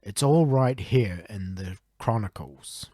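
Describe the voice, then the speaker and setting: A man voicing an earnest young male hero who explains a legend in a measured, expository delivery. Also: on the low side, lively intonation, mellow, no room sound, studio quality.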